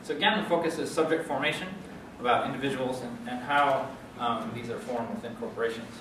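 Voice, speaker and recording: Male guest lecturer, halting academic delivery, distant mic in a reverberant hall with noise. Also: medium pitch. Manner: halting, many fillers and restarts.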